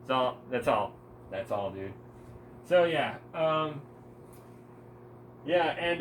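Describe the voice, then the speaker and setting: A man's voice: mid-range voice, measured pace, pauses often, a little hiss or hum, low-quality recording. Profane young man ranting angrily. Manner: angry, profane, scornful ranting with mocking asides. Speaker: vlogger. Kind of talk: ranting monologue.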